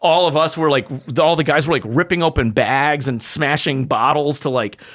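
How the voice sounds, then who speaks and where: A man, telling lively stories as a podcast guest and acting out what people said. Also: a little high, moderate pace. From New York. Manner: animated storyteller acting out quotes, many fillers. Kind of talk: casual storytelling chat.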